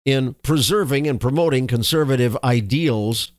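A man's voice: mid-range voice, moderate pace, no echo, studio quality. A male talk radio host giving commentary with folksy, emphatic sign-offs.

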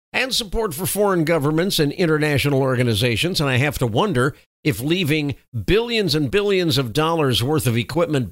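A man's voice: a little high, no room sound, studio quality. A man from the United States delivering an opinionated news commentary monologue, reading reports and adding emphatic asides. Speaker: political commentator.

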